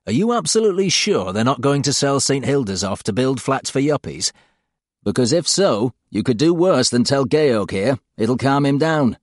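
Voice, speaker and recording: A man's voice: mid-range voice, animated, normal speed, dry recording, clean studio sound, close to an everyday voice. A man voicing a cryptic, genial older male theoretician with a clipped way of speaking.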